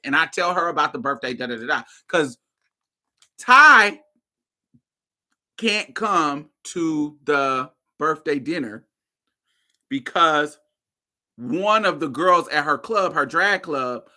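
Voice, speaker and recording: A woman hosting a podcast tells a story in a lively, swearing, dramatic way. Her voice swings widely in pitch and has a very bright, sharp tone. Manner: animated, profane, dramatic retelling. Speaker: podcast host. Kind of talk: casual storytelling.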